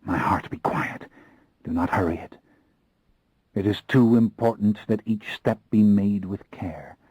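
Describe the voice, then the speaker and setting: A man's voice: lowish voice, mellow, slightly rough, no echo, rough recording. A man narrating an audiobook in the first person, with an intense, brooding reading into a close studio mic.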